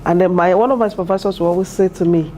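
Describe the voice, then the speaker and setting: Talking very fast in a fairly low, steady and warm voice, a woman in her thirties, a PhD student and mother, gives a heartfelt interview testimonial at her university. She's earnest, using lots of fillers and restarts, and there's slight background noise.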